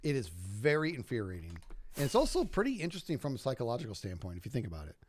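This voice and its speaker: A man's voice: mid-range voice, huge pitch swings, very fast, a little mellow, slight background noise. A man chatting casually to his viewers while playing a game, rambling to himself with jokey asides. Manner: rambling, self-talking, jokey asides to chat. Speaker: streamer. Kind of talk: casual gameplay livestream chat.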